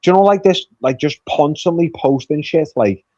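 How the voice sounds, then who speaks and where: A man's voice: on the high side, normal speed, warm tone, no echo. A man chatting casually as a guest, blunt and swearing a lot. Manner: blunt and heavily profane. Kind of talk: casual chat. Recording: dull, lo-fi, dry remote line.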